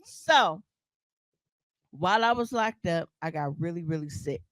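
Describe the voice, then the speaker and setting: A woman's voice: fairly low pitch, lively intonation, measured pace, fairly bright tone, no echo. A woman co-hosting a podcast, telling a story in casual chat, blunt and profane, with frequent laughs. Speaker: podcast co-host.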